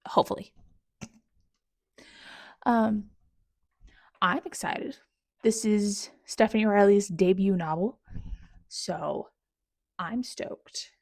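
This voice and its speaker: A woman book vlogger reacting out loud as she reads, dramatic and exclaiming at the author, sometimes dropping to a whisper. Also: mid-range voice, steady tone, takes it slowly, pauses often, no echo, clean studio sound. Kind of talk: casual live reading reactions.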